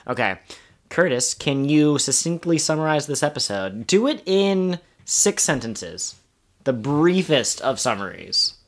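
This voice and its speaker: A man's voice: a little high, big pitch swings, unhurried. A man hosting a casual podcast, talkative and playful, often acting out quotes while he explains. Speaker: podcast host.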